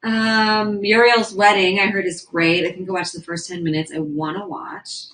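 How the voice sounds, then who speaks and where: A woman's voice: mid-range voice, flat delivery, normal speed, a bit bright, faint music behind, low-quality recording. A young woman livestreaming, chatting casually and rambling as she reads viewer comments aloud from indoors. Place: indoors at a house.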